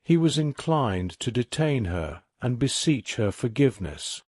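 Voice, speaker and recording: A man narrating a classic mystery story as a calm, even bedtime reading. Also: mid-range voice, a little slow, no echo, clean studio sound.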